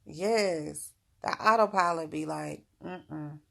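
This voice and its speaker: Frank, motherly middle-aged woman hosting a casual advice livestream; low, heavily gravelly voice. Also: measured pace, a bit bright. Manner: frank, motherly, laughing often. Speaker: spiritual advice host.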